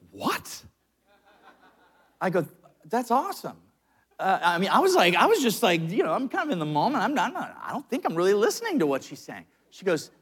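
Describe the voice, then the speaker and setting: A man with a notably high voice preaches to his congregation. He is in middle age and tells personal stories in an animated way, full of quick asides and restarts. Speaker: pastor.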